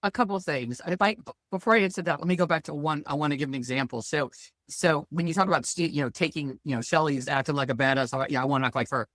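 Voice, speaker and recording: A woman's voice: low-pitched, fast, no room sound. A middle-aged woman, a financial planner guest, talking bluntly and telling stories in a casual interview. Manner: lively, blunt storyteller.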